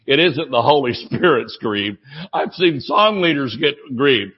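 A man's voice: medium pitch, a little slow, breathy edge, lo-fi sound. A man with a Southern US accent, preaching a humorous sermon full of stories and laughter. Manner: animated storytelling, laughs often.

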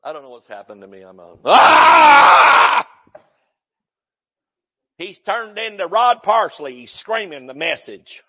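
A man preaching with a high, lively voice that swings up and down as he drives his points home. He shouts at times and jokes with the congregation. The recording sounds muffled and lo-fi. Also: moderate pace, few pauses. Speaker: pastor. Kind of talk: sermon.

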